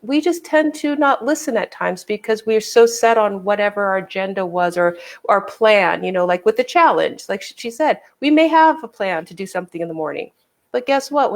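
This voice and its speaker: A woman's voice: medium pitch, brisk, creaky. A woman fitness trainer co-hosting a casual livestream, explaining things and quoting past conversations.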